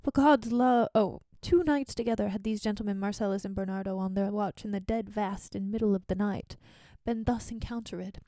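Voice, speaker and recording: A woman's voice: medium pitch, steady tone, normal speed, hardly any pauses, warm tone, no room sound, clean studio sound, close to an everyday voice. A woman who is sick, reading the lines of a loyal, talkative male friend in an earnest, plain voice. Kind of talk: casual dramatic reading.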